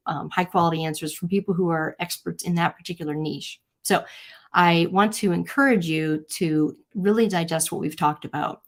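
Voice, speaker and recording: A woman with a slightly low voice hosts a live-streamed talk, speaking to her viewers in an earnest, personal way. She tells stories and acts out what people said with lively quoted voices. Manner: earnest, storytelling, animated quotes. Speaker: host.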